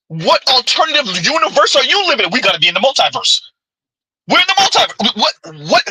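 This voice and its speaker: Animated, husky man reacting in disbelief. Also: extremely high pitch, normal speed, no room sound, low-quality recording. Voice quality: husky, very bright and animated, incredulous exclamations. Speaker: commentary streamer. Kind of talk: reaction commentary.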